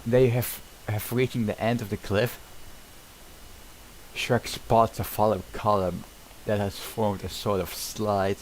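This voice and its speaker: A low-voiced man reading a film script aloud on stream, tripping over words and restarting often. The delivery is casual and unpolished, with a faint hiss in the background. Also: flat delivery, slow pace, low-quality recording.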